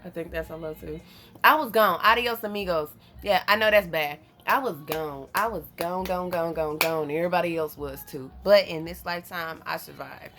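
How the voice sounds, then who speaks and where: A woman from North Carolina tells a story in a casual, animated way, swearing freely and calling her viewers y'all. Her voice sits a little low and sounds bright and forceful. Faint music plays behind her. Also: moderate pace. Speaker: vlogger.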